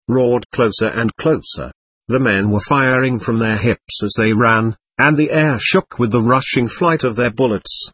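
A man's voice: mid-range voice, unhurried, a bit bright, slightly rough, no room sound. A man narrating a war memoir in the first person, in a vivid, dramatic audiobook reading.

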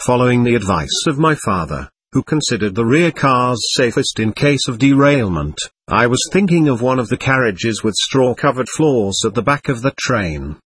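Husky-voiced man reading an audiobook. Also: medium pitch, moderate pace, hardly any pauses, no room sound. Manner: steady first-person reading. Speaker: audiobook narrator. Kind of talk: scripted audiobook narration.

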